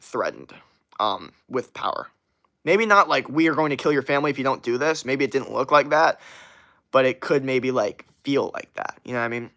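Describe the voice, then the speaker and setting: A man's voice: mid-range voice, sharp tone. Blunt, profane young man ranting. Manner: blunt, profane, talks fast in bursts and repeats himself. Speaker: livestream host answering chat. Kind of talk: casual unfiltered rant.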